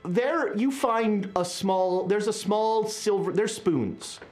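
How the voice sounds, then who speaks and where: A game master narrating a tabletop horror game in a casual, halting way, full of fillers. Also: medium pitch, a little mellow. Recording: echoey room with faint music.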